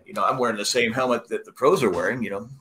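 A middle-aged man in casual chat, telling rambling, animated stories with many restarts. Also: fairly low pitch, rapid-fire.

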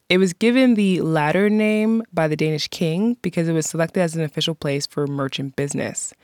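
A podcast host giving scripted narration in an informative way, slowing down to pronounce local words. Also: mid-range voice, no room sound, studio quality.

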